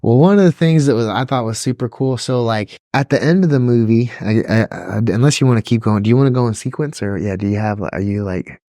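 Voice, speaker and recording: A man's voice: mid-range voice, a little fast, hardly any pauses, warm tone, no echo, clean studio sound. A young man co-hosting a casual podcast chat, laughing often and filling his talk with "like". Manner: laughs often, says "like" constantly. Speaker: podcast co-host.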